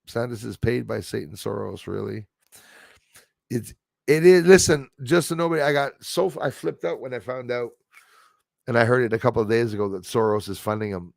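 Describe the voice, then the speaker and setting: A man talks to his livestream viewers in a loose, rambling way, firing off restarts and tacking "eh?" onto his sentences. His voice sits at an ordinary middle pitch, and the recording is close and dry with no room sound. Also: normal speed, vocal fry, dry recording. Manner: rambling, animated, many restarts and tag "eh?". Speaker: livestream host. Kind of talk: rambling livestream chat reading viewer comments.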